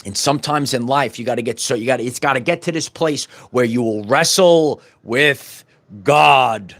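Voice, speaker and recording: This podcast host is a middle-aged man with a mid-range voice speaking at a moderate pace. He gives a fervent spiritual talk that keeps repeating itself, restarts clumsily, and climbs into loud outbursts.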